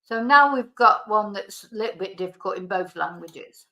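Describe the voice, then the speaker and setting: A woman teaching fruit vocabulary in a bilingual lesson, slowly and carefully repeating each word for pronunciation. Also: mid-range voice, lively intonation, highs cut off. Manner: slow, careful pronunciation drills. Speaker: language teacher.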